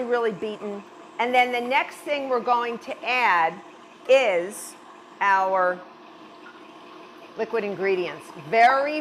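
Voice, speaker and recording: A woman's voice: mid-range voice, a little hiss or hum. A middle-aged woman chef giving a cooking demonstration, chatty and reassuring, often repeating words for emphasis.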